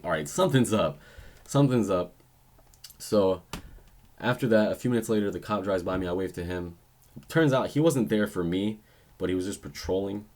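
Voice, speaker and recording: A man's voice: low voice, a little mellow. Young man rambling through a story time. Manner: rambling, casual, self-correcting. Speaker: vlogger.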